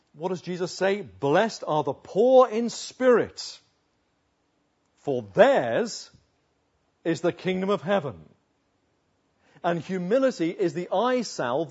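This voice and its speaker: Earnest preacher with husky voice. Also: male voice, darkish tone, highs cut off. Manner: earnest, rising to emphatic declamation then dropping low. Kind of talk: sermon.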